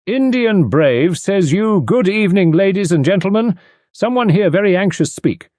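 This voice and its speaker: A man reading an audiobook, voicing a séance spirit guide who talks in stilted, halting broken phrases. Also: sits high, lively intonation, darkish tone, no echo, clean studio sound, voice pushed up. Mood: chanting. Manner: stilted, halting, chanted delivery.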